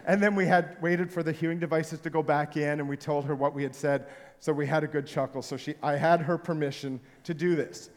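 High-voiced male pastor in echoing hall. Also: fairly even intonation, brisk. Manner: playful, jokey storytelling. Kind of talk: sermon with audience participation. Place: large hall with live congregation. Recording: long hall reverb.

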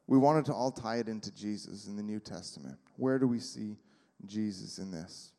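A man's voice: lowish voice, normal speed, warm tone. A man preaching a sermon in a church, speaking conversationally with many fillers and acting out little quotes. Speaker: pastor. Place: church sanctuary. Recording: reverberant hall.

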